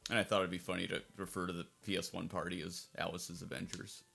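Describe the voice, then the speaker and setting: A man who fan-translated a game casually commentates over a playthrough of it, rambling and circling back on his points in let's-play style. His low voice is creaky and sharp with a breathy edge, level in tone and quick, with faint music behind.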